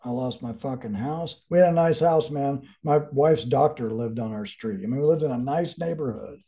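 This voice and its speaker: A man's voice: mid-range voice, normal speed, warm tone. A man in his forties telling his own story as an interview guest, blunt and emphatic, swearing constantly. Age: 40s. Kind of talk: candid personal storytelling.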